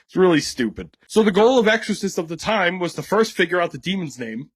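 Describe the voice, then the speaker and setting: American man, podcast host, irreverent comedic storyteller; animated delivery, husky voice. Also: high voice, a little fast, no room sound. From United States. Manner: irreverent, swears a lot, laughs at his own jokes.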